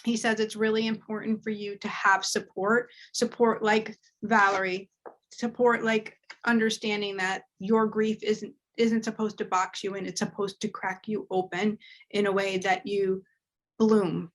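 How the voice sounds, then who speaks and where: A woman's voice: medium pitch, little pitch movement, unhurried. A woman hosting a live show and giving a medium reading, talking in an earnest, emotional way as she relays messages. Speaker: medium and host. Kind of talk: live spiritual reading chat.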